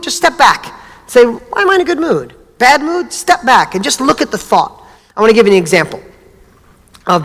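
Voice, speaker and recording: Male motivational speaker, middle-aged, animated storyteller, reverberant hall sound. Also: sits high. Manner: animated storytelling, acts out dialogue. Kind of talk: motivational talk.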